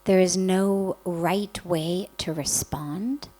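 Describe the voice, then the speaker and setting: A woman spiritual teacher giving a calm, reflective spiritual talk, speaking gently with many pauses. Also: fairly low pitch, low-quality recording.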